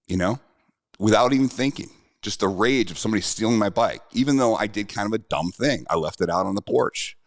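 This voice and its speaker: A man's voice: fairly low pitch, no room sound, clean studio sound. A middle-aged man and self-defense instructor telling a personal story in a conversational, earnest way.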